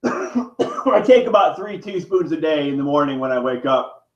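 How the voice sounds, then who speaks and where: In an echoey room with dull, lo-fi audio, a man vlogger who is hurting rants angrily and profanely at the camera, rambling as he goes. He speaks at a moderate pace with a fairly high, sing-song voice.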